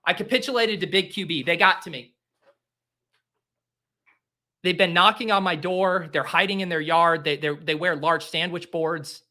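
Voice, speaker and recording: A young man talks casually on his own show, his voice bright and pushed forward with a slightly higher pitch than most men. He swings into theatrical, exasperated self-mockery, playing up his own despair for laughs. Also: a little fast. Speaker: fantasy football host. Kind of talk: casual solo commentary while drafting.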